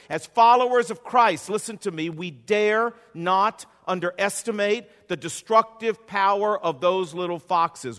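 A male pastor with a fairly high voice preaches in a folksy, storytelling way, building rhythmic repeated lists. His words ring with the long reverb of a large hall. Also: fairly bright tone. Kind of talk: sermon.

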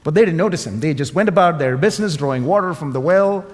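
Emphatic preacher in a reverberant hall. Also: male voice, on the high side, expressive, fast talker. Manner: emphatic, repeating key phrases. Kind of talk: sermon.

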